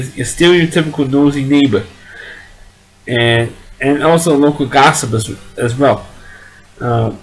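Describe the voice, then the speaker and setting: A man's voice: medium pitch, low-quality recording. A man giving a casual spoken movie review, rambling along and often repeating and restarting his words.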